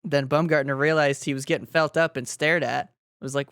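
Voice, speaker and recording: A man co-hosting a podcast, chatting casually about sports, laughing often and acting out shouted quotes. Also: a little high, fairly even intonation, fairly quick, clear, resonant tone, dry recording, clean studio sound. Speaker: podcast co-host.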